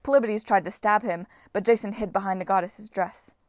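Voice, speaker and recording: A woman reading a novel aloud as a fan audiobook, in steady storytelling narration. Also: medium pitch, a little fast, dry recording, clean studio sound. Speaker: audiobook reader.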